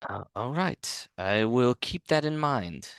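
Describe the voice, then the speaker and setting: A man's voice: medium pitch, lively intonation, smooth, no room sound, studio quality. A man voicing a nervous, flustered male scholar who stammers and halts in a tabletop game. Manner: stammering, halting.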